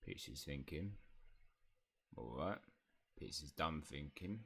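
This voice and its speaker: Low gruff house elf, man putting it on, curt, talks about himself by name, deep voice. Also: animated, slow, fairly bright tone, heavily acted.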